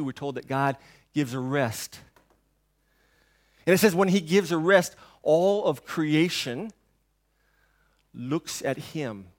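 A man preaches to his congregation in a somewhat high voice. He builds to loud emphatic lines, then sinks to near whispers. He keeps asking the listeners rhetorical questions as he goes. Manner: dynamic preaching, swings between hushed and loud. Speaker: pastor. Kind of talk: sermon.

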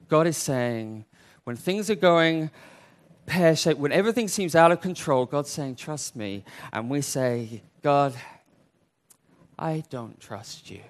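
Lively, high-voiced male preacher. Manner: animated, acts out quoted voices. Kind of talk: sermon.

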